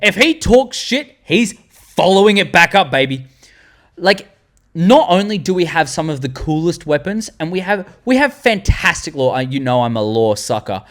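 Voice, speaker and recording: A young Australian man in his twenties, hosting a fan tier-list vlog and rambling excitedly with the odd swear word. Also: a little high, normal speed. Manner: animated, rambling, swearing, loses words mid-sentence. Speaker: channel host.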